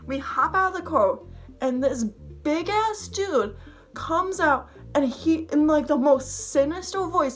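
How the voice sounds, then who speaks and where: Young woman vlogger, high bright voice, excited rambling storytelling, frequent swearing, faint music underneath. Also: a little slow. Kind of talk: casual storytime vlog.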